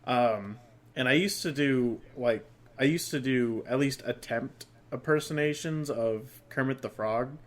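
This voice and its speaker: A man's voice: medium pitch, unhurried. Laid-back American man hosting a podcast. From United States. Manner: relaxed, chatty, laughs often. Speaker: podcast host. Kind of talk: casual podcast chat.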